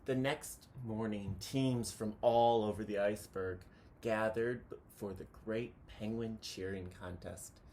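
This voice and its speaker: A man reading a children's picture book aloud, chanting the counting cheers with animated delivery. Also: on the low side, unhurried, a little hiss or hum.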